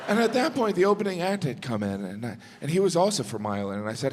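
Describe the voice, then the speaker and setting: A man's voice: high voice, expressive, fast, vocal fry, hardly any pauses, slight background noise. A male stand-up comedian on stage, with a wry, exasperated observational delivery into a handheld mic. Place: live venue on stage. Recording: echoey hall with loud ambience.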